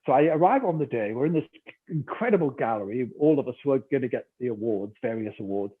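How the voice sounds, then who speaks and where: A man's voice: medium pitch, lively intonation, fast, slightly rough. An older man from Newcastle with a Geordie accent, an actor and audiobook narrator telling a story in an interview, acting out quotes and laughing often. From Newcastle, England. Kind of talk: remote interview conversation. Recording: tinny call audio.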